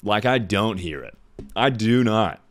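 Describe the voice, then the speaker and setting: A man with a deep voice chatting casually with his livestream viewers, making sarcastic jokes and sounding like he is announcing things. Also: lively intonation, a little slow. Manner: sarcastic, joking asides.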